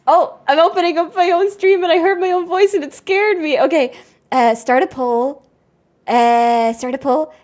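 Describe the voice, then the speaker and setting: A woman's voice: high-pitched, fairly even intonation, normal speed, darkish tone. A woman game streamer chatting casually to her viewers, scatterbrained and laughing often as she thanks members. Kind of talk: casual live-stream chat.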